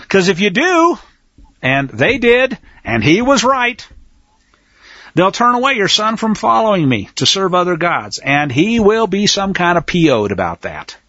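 A man teaching a Bible passage in sermon style, blunt and emphatic, swinging between loud pushes and low asides. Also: no room sound, muffled recording.

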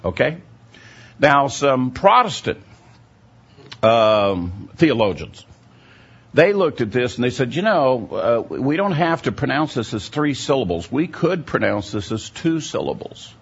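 A man with a low, gravelly and husky voice teaches from the pulpit. He explains at length and keeps checking that his listeners follow. The recording sounds dull and lo-fi. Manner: explanatory, often checks in with the audience. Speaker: Bible teacher. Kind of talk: teaching sermon with a story.

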